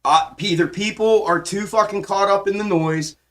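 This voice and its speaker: Man, fairly high voice, impassioned profane rant, restarts and repeats, live stream from home. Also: moderate pace, a bit bright. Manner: profane, repetitive, frustrated ranting with frequent restarts. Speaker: stock trading live streamer. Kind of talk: impassioned ranting monologue.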